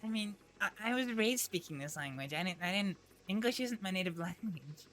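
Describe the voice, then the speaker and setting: Woman playing a soft-spoken Faroese frontier girl. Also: medium pitch, lively intonation, brisk, slight background noise, natural voice. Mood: chatty. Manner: soft, hesitant, giggly. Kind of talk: western role-play.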